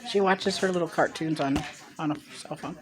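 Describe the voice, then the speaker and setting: A woman in her sixties from Ohio tells a story in a somewhat low voice. She rambles and drifts into side remarks as she goes. It is recorded on a phone held at arm's length. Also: moderate pace, noisy background. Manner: rambling, chatty, with asides. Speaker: mukbang vlogger. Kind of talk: casual storytelling to camera. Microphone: handheld phone.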